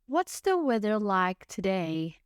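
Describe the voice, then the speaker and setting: A woman teaching English, reading short everyday phrases one at a time with careful, deliberate enunciation and pauses between them. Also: medium pitch, sing-song, clear, resonant tone, no room sound, clean studio sound. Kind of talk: slow phrase-by-phrase reading for learners.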